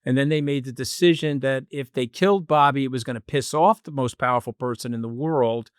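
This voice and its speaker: A man talking as a guest on a podcast, arguing emphatically in quick, animated bursts. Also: mid-range voice, clear, resonant tone, dry recording, studio quality. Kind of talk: casual podcast discussion.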